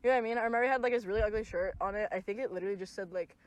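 Racing along in a mid-range voice, this young podcast co-host from Los Angeles keeps the talk casual. She rambles and jokes, with plenty of swearing.

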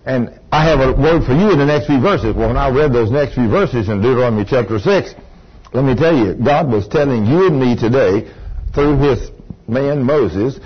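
An older man with a drawl preaches to a congregation, his husky voice rising and falling with animated swings. He tells stories with emphatic bursts. The recording is dull and lo-fi. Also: mid-range voice. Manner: emphatic, storytelling preacher with sudden exclaims. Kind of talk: sermon with personal story. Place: church room with congregation.

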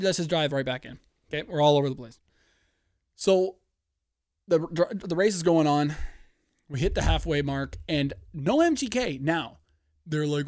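Brief: rambling male podcast host with a slightly high, clear voice, swears often. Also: normal speed, pauses often, no echo, clean studio sound. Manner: profane, animated, rambling. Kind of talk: casual solo podcast rant.

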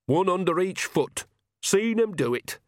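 A shameless old witch woman, as a man puts her on who talks in a blunt, bawdy, down-to-earth way. Her pitch sits a little raised and leaps about. The audiobook recording is dry. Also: animated, measured pace, no room sound. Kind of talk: audiobook reading.

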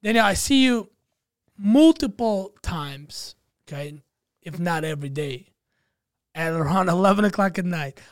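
A man's voice: high-pitched, animated, unhurried, long pauses, no room sound, clean studio sound. A man hosting a casual podcast interview, mostly giving short affirming replies. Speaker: podcast host.

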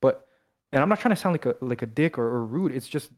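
Speaking fast and animatedly in a mid-range voice, a young man from Canada co-hosts a laid-back podcast. He rambles, swears a lot, and keeps restarting his sentences.

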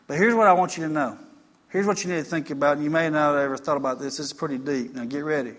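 A man preaches from the pulpit, his voice pitched high and ringing bright. He talks folksy and plain, circling back on his phrases and slipping into homespun stories. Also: steady tone, fast talker. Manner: folksy, repetitive, storytelling. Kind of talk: conversational sermon. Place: church.

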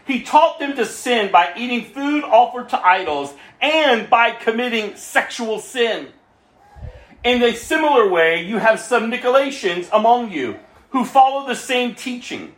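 A man preaching a sermon, swinging between hushed near-whispers and loud bursts and addressing listeners by name. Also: extremely high pitch, animated, unhurried, echoey room, rough recording. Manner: talks straight to listeners by name.

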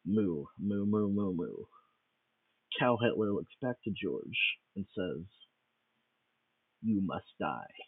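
Man narrating a silly improvised tale, rambling delivery; husky, low voice, dry phone-quality recording. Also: dry recording, distant mic. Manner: rambling, with restarts and fillers. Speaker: storyteller. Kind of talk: improvised comic storytelling.

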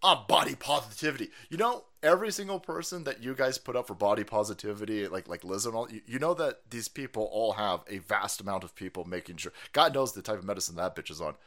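Loud, lively, ranting man host. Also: lowish voice, fast talker, hardly any pauses. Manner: loud sarcastic ranting, swearing, mocking voices. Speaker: political stream host. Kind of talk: profane ranting commentary.

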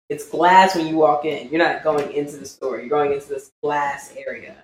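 A podcast co-host telling a story in a casual live-stream chat, animated and laughing often. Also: mid-range voice. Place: indoor room, streaming live. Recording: roomy echo, faint background hum.

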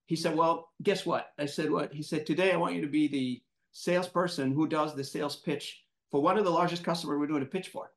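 A man hosting an interview, telling a personal story in a lively, animated way and acting out quotes. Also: a little high, brisk, hardly any pauses, roomy sound. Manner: animated, laughing storyteller who acts out quotes. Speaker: podcast host, moderator. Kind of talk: casual storytelling in conversation.

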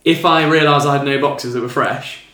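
Casual podcast guest, male, higher bright voice, emphatic, echoey room. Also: a little fast. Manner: animated, laughing, emphatic. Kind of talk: casual chat.

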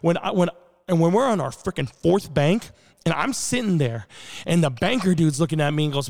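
Earnest gravelly-voiced man telling a story. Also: on the high side, expressive, normal speed, a little mellow. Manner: earnest, rambling with many fillers. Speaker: podcast guest. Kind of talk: casual storytelling conversation.

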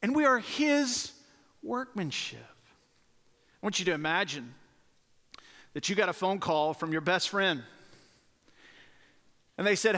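Male pastor, high voice, emphatic, repeats key words, church hall reverb. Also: lively intonation, a little slow, long pauses, sharp tone. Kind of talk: sermon to families and children. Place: church sanctuary.

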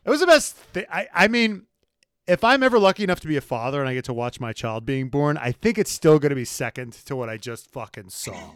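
A young American man co-hosting a casual, profane podcast chat, excitable and fond of mock impressions. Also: mid-range voice, fast, clear, resonant tone, no echo, studio quality. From United States. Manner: excitable, swears a lot, mock-posh impressions. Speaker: podcast co-host.

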